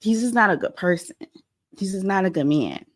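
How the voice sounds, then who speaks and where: A young adult woman hosting a pop-culture commentary show, animated and blunt, acting out quotes as she goes. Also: mid-range voice, a little fast. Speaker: host.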